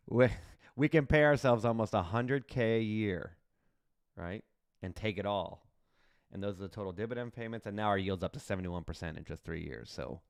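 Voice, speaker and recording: A man's voice: lowish voice, creaky, no room sound, studio quality. Chatty man explaining an investment plan. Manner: animated, asks "right?" often, jokes at himself. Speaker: investment channel host. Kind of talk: casual finance explainer.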